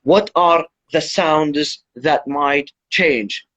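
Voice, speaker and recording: A man's voice: on the high side, drawn-out words, a bit bright. A man who teaches English explains things step by step as the guest of an Instagram Live chat. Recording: dull lo-fi livestream audio.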